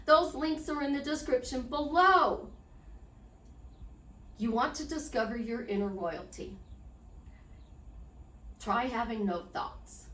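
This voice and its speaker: A woman's voice: on the high side, slow, pauses often, a little hiss or hum. Chatty woman life coach, echoey room. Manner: chatty, animated, upbeat self-promoting. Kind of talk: unedited casual vlog. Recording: echoey room, distant mic.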